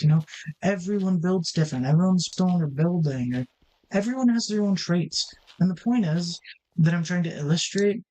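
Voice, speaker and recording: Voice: medium pitch, warm tone, rough recording. A let's-play host giving casual gameplay commentary, rambling and thinking aloud with many restarts while talking straight to the viewers.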